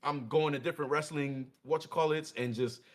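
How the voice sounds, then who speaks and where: A man's voice: on the high side, fairly even intonation, fairly quick. A man co-hosting a stream, encouraging his friend in a hypey, profane, casual way. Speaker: co-host.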